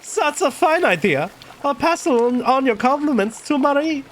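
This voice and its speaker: A man's voice: very high voice, animated, normal speed, fairly bright tone, slight background noise, voice pushed up. A man voicing a courteous middle-aged male printer from a game, with a put-on German accent.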